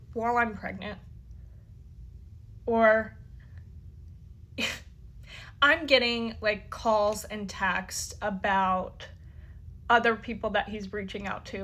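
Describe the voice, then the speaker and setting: A woman's voice: medium pitch, fairly bright tone. A woman telling a personal story casually, full of "like" fillers and freely swearing. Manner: chatty, heavy use of "like" fillers, swears freely. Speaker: interview guest.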